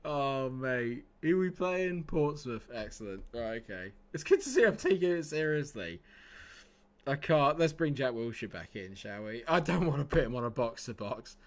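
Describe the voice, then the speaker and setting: A man's voice: medium pitch, big pitch swings, normal speed. A man commenting casually on his live game stream, chatty and swearing freely as he talks to his chat.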